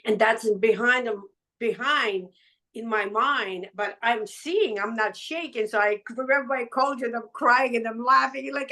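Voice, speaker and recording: Middle-aged woman, kinda high voice, rambles emotionally, lots of restarts. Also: moderate pace, bright, forceful tone, poor audio. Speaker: patch seller sharing her testimonial. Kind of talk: casual conversational testimony.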